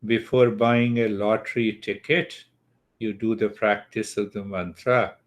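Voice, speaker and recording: Brief: man, spiritual teacher, unhurried class talk over a video call. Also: fairly low pitch, fairly even intonation. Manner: slow, deliberate, checks in with students. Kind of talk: online class lecture.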